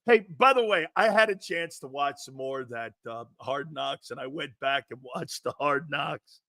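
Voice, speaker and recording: A man's voice: a little high, moderate pace, gravelly, pushed and bright, no echo, studio quality. A man hosting a sports talk show, giving brash, mocking opinions and laughing often.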